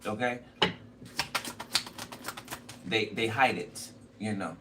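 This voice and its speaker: A man's voice: on the low side, slow. A man doing a casual tarot card reading, blunt and profane and repeating himself a lot. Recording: noisy, distant mic.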